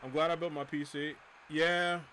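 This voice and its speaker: A man's voice: fairly high pitch, fairly even intonation, normal speed, noisy background. A man chatting casually on a livestream, ranting animatedly, swearing and laughing often.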